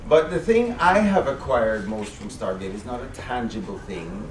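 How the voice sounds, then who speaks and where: A man who is an actor, speaking on a convention panel in a relaxed, wry way. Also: medium pitch, moderate pace. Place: large convention hall. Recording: echoey hall, far from the camera, hiss.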